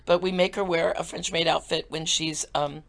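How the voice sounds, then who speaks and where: A woman telling comic stories as a talk show guest, giggling and animated. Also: lowish voice, normal speed, gravelly. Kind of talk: casual comedic chat.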